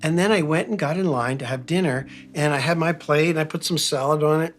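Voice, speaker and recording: An American man hosting a faith-based talk, earnest and reflective, telling a personal story and slowing down to stress key phrases. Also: a little high, soft background music. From United States. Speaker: podcast host.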